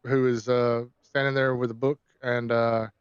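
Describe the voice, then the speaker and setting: A man's voice: medium pitch, little pitch movement, smooth, dry recording. Guy gm describing the scene, lots of ums, muffled dry mic. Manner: halting, many ums and restarts while describing scenes. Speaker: game master. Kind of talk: narrating a tabletop game. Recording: dull lo-fi dry sound.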